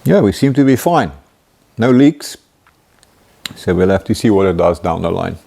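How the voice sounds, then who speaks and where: A man's voice: low voice, animated, normal speed, gravelly, warm tone. Man, South African accent, casual vlog host, upbeat, chatty. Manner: chatty and upbeat, laughs often, tags lines with "eh". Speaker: vlog host restoring an old truck.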